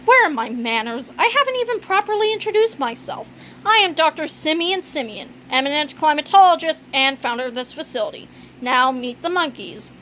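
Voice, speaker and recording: A woman's voice: sits high, animated, brisk, a bit bright, slight background noise. A woman voicing a grandiose, self-important male monkey scientist in a read-aloud comic story.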